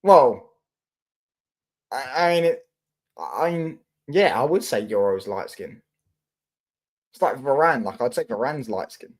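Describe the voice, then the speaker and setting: A man's voice: medium pitch, expressive, measured pace, pauses often. A young man from London with a London accent, hosting a casual football livestream and answering his chat in slangy, swearing talk.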